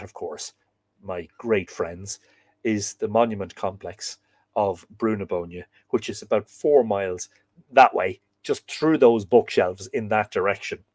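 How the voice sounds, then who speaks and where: A man's voice: fairly low pitch, darkish tone, dry recording. Chatty Irish man reading myths aloud. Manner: chatty and digressive, with humorous asides. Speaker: podcast host and reader. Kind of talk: live reading of myths with digressions. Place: home room with bookshelves.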